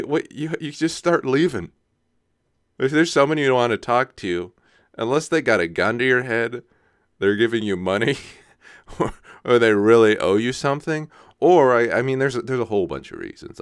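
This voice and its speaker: A man's voice: medium pitch, expressive, normal speed, clear, resonant tone, no room sound, studio quality. A young man hosting a solo podcast, rambling casually, often laughing at himself and checking in with "right?". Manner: casual, self-mocking, laughs often, says "right?" a lot. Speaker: podcast host.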